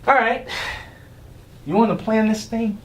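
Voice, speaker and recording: A woman's voice: fairly high pitch, measured pace, very noisy, natural voice. A young woman acting a proper, dignified young husband who is a lawyer, with dry, sarcastic patience. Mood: snippy. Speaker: acting student. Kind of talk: scene study stage acting.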